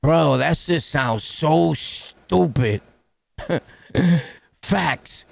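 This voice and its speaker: A New York man talks close into his mic, offering casual reaction commentary. His voice sits a bit high, with a gravelly edge. He throws street slang and laughing asides through a dry, close sound. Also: drawn-out words, no echo. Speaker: reaction streamer.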